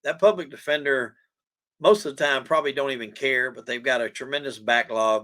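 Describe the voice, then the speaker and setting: A man's voice: mid-range voice, sharp tone. A man with a Southern US accent, telling his own story as a podcast guest in a plain-spoken, folksy way, emotional as he talks. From USA. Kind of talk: casual storytelling.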